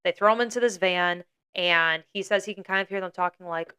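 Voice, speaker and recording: Young woman podcast cohost, smooth clear voice, rambly animated storytelling. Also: lowish voice, quick pace, muffled recording. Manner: animated retelling with lots of "like". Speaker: podcast co-host. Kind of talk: casual storytelling chat.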